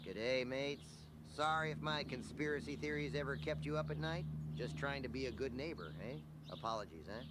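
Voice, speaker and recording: A synthetic male voice playing a paranoid, conspiracy-minded cartoon neighbor with a low, murmuring delivery. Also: moderate pace, few pauses, heavy background noise, natural voice. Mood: sly.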